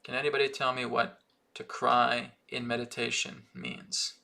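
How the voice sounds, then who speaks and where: A man's voice: mid-range voice, flat delivery, normal speed, creaky, bright, forceful tone. A man hosting a live-stream spiritual teaching and Q&A, talking earnestly and often checking in with "right?" and "okay?". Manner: reads viewer comments aloud from the chat.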